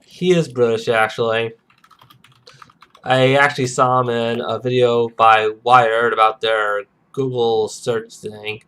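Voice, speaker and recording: A man hosting a casual podcast, rambling and halting, with lots of "uh" and "and" between thoughts. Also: medium pitch, level tone, a bit bright, clean tone. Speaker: podcast host. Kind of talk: casual chat.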